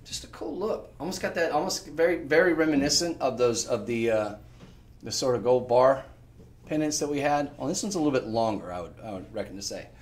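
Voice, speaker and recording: Man, shopping channel host, chatty sales pitch, roomy studio, mic a bit far away. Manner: chatty, piles up descriptive words.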